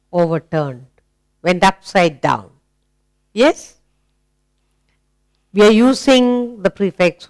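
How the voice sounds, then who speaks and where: A woman with an Indian English accent teaching phonics to children, drawing out key words slowly and asking many questions. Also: medium pitch, clean tone. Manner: slow and deliberate, drawing out key words, asks frequent questions. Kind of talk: slow, animated teaching to children.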